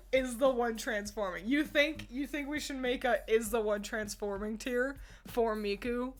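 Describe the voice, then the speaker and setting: A woman's voice: on the high side, measured pace. A young woman streamer chatting casually with her viewers, laughing often as she ranks characters. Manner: giggly, laughs often, talks to chat. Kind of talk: casual chat.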